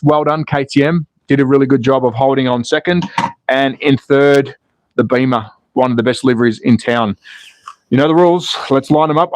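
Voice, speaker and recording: A man at home, excitedly calling slot car races on a live stream and casually chatting with viewers. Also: mid-range voice, dry recording, low-quality recording. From Australia. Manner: excitable commentary, then relaxed chatting with viewers. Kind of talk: live race commentary and chat reading. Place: home in Austria.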